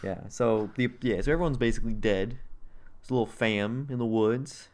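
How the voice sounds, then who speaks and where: A man's voice: lowish voice, normal speed. A man in casual chat, animatedly retelling a movie plot with jokey asides. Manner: animated storytelling with jokey voices.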